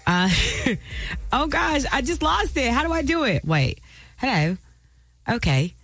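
A woman's voice: high voice, big pitch swings, unhurried, a bit bright, dry recording, soft background music. A woman co-hosting morning radio, giggly and playful. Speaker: radio co-host.

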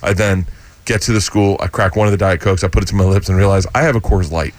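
A middle-aged man, a comedian guest, telling an animated story and acting out the voices of people in it. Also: sits low, fast, dry recording. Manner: animated storyteller, acts out quotes. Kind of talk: storytelling in casual chat.

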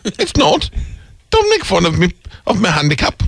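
A man on a comedy radio show doing a high, laughing put-on English lady voice. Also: wildly swooping pitch, normal speed, creaky, slightly rough, no room sound.

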